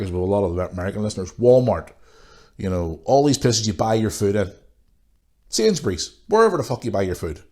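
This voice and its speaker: A man with a fairly low voice rants on his podcast and swears freely. He sounds like he has a cold, and his talk is blunt and casual. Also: darkish tone. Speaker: podcast host. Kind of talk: casual ranting monologue.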